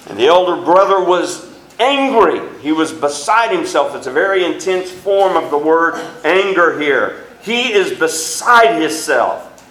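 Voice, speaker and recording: A man preaching a sermon with a high voice. His pitch leaps upward when he stresses a point. The sound comes from a church sanctuary with an echo that rings through the room. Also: very animated, measured pace, a bit bright. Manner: preaching with sudden rises in pitch and emphasis.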